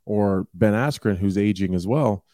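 Low-voiced man co-hosting a fight chat. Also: moderate pace, warm tone, dry recording, clean studio sound. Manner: stammering restarts, conversational. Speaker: podcast co-host. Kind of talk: casual fight-talk chat.

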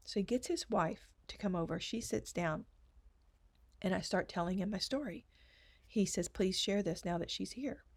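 A woman gives a personal faith testimony in an earnest storytelling manner. She often softens into hushed, emotional asides as she recounts the story. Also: medium pitch, normal speed, slightly rough. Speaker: speaker sharing testimony.

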